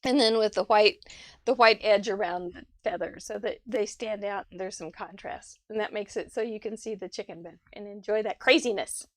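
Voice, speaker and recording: A woman's voice: mid-range voice, a little fast, no echo, studio quality. A woman hosting a live crafting show over a video call, gushing over viewers' cards with frequent laughs. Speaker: host. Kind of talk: casual livestream chat.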